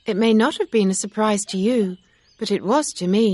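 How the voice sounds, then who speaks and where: A woman voicing an earnest, regretful young woman in a storybook reading for learners, with a raised, higher-pitched voice. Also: moderate pace, a little mellow, dry recording, lightly acted. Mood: upset.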